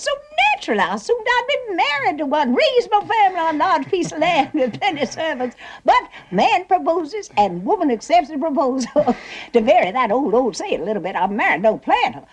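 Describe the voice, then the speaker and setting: A faded Southern belle mother with a Southern accent. She chatters on genteelly in a high, swooping voice, sprinkling her talk with little laughs. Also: big pitch swings, brisk. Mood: gushing. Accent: American Southern.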